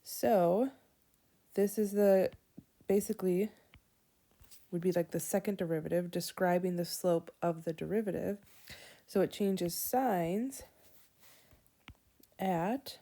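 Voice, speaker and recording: A woman teacher giving a whiteboard math lesson, walking through each step slowly and aloud. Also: fairly low pitch, dark tone. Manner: slow, deliberate, walks through steps aloud. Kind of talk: whiteboard lesson explaining calculus.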